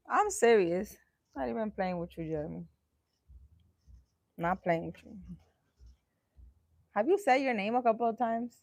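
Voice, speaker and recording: A woman's voice: medium pitch, lively intonation, normal speed, gravelly, long pauses, a little mellow, no echo. A woman hosting a casual livestream, chatting with viewers in a playful, teasing way. She speaks emphatically and laughs often. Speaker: livestream host answering viewers.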